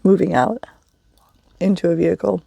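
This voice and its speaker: Woman vlogging from her van, chatty and wry, lowish voice, dry close mic. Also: fairly even intonation, moderate pace, vocal fry, dark tone, dry recording. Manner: chatty, laughs often, wry asides. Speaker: vlogger living in a vehicle. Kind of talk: casual storytelling vlog.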